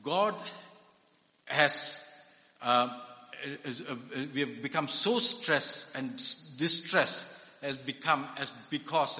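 Speaking in an echoey hall, an Indian preacher who is also a psychiatrist gives a conversational sermon and keeps asking his audience questions. His voice is medium-pitched with a sharp tone.

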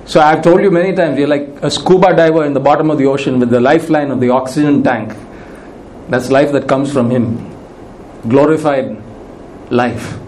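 A man's voice: medium pitch, steady tone, normal speed, darkish tone, a little hiss or hum. A male preacher giving a sermon in an earnest, pleading manner, repeating key phrases for emphasis.

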